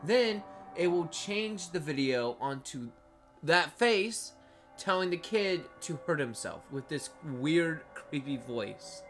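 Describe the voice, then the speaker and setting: Woman vlogger, lower-pitched, very lively delivery, blunt jokey rambling, music bed underneath. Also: takes it slowly. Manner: animated, blunt and joking, swears casually; rambling with many likes. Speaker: video creator. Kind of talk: casual commentary vlog. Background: background music.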